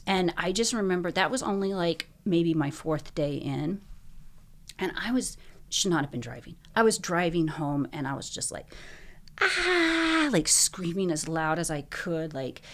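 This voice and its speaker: A woman's voice: low-pitched, moderate pace. A young adult woman, a podcast guest, telling her personal story in an earnest, emotional way, with many filler likes.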